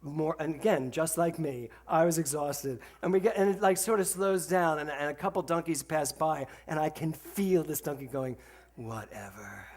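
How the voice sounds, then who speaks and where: A man giving a storytelling sermon to a congregation, animated and laughing, then slowing to a soft, reflective tone for spiritual points. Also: a little high, a little hiss or hum. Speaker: spiritual center speaker. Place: speaking to a congregation with slides.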